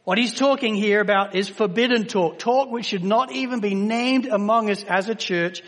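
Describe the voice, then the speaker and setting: An English man preaching a sermon to a congregation, emphatic, slowing down to stress words and rising in volume at key points. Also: high voice, a bit bright. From England. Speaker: pastor. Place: church hall with long reverb. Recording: reverberant church hall.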